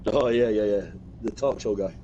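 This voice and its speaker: A man's voice: on the low side, steady tone, normal speed, dark tone, lo-fi sound, a little hiss or hum. A man bantering crudely on a gaming stream, swearing and mumbling. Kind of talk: casual banter.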